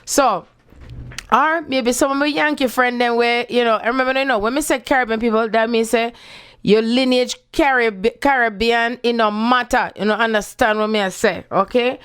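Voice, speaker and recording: A woman's voice: on the high side, fairly even intonation, normal speed, a bit bright, smooth. A woman from Jamaica with a Jamaican accent, giving a casual spiritual talk and playfully switching between patois and standard English. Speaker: spiritual speaker.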